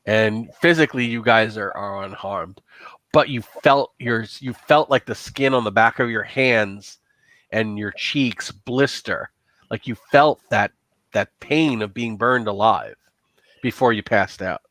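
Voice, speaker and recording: A man's voice: fairly low pitch, a little slow, fairly bright tone, no room sound. A man narrating as game master of a tabletop horror game, casual, with fillers.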